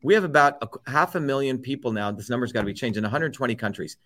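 A man's voice: mid-range voice, quick pace, a bit bright. A middle-aged man, a guest, ranting about politics with constant swearing and hammering repetition. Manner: profane, emphatic, repetitive. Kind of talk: heated political rant.

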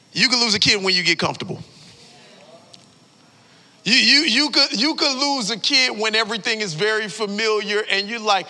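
A male pastor delivers an animated, story-driven sermon full of casual slang. His voice is high and sharply bright with a gravelly texture. It rings with the long reverb of a church hall. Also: normal speed, long pauses. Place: church sanctuary.

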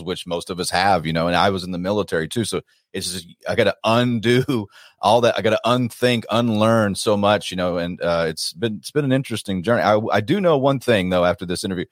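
Male interview host, deep and dry-sounding, emphatic delivery. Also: dry recording. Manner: emphatic, acting out other people's words in a higher voice. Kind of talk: casual interview talk.

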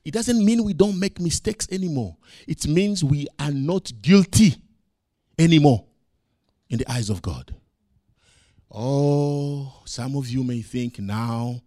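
A man preaching a sermon as pastor, swinging from loud emphasis to quiet asides and acting out his own quoted words. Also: a little high, expressive, takes it slowly, no echo, studio quality.

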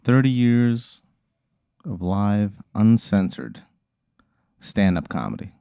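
A man hosting a comedy podcast, telling an improvised scenario in a halting way, with fillers and giggles. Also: fairly low pitch, sing-song, vocal fry, mellow, clean tone, no echo, clean studio sound. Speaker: comedy podcast host running a hypothetical scenario. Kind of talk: improvised storytelling chat.

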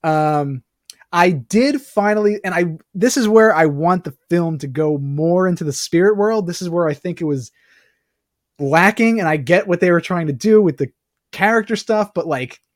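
A man's voice: high voice, no room sound. Man talking movies in a dry close-mic sound. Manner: animated, quick bursts with many fillers. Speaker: podcast co-host. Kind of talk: casual movie review chat.

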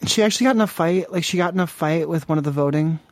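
A man's voice: on the high side, quick pace, dry recording. A man hosting a crude prank call podcast, mocking and rambling with lots of profanity.

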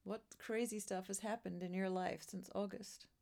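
A woman's voice: mid-range voice, steady tone, normal speed, creaky, darkish tone. A woman with a mid-range voice co-hosts a laid-back podcast chat. She teases her co-host and tosses out joking, playful questions. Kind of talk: casual chat.

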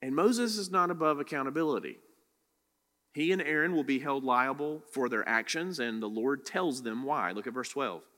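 A man's voice: medium pitch, moderate pace, pushed and bright, long reverb tail. A man preaching a sermon. He reads scripture aloud, then explains it with rising emphasis. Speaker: pastor.

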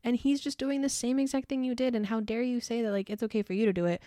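A young woman in casual podcast chat who throws herself into retelling scenes, acting out each character's lines and swearing freely. Her voice sits a bit high. The sound is dry and close, with no room around it. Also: fast talker, no echo. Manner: animated, acts out characters' lines while retelling, swears, laughs often. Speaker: podcast co-host.

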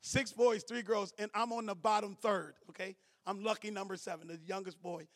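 A man preaching a sermon as pastor, calling to the congregation, swinging from shouts to low asides. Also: fairly even intonation, a little fast. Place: church sanctuary. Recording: church hall reverb.

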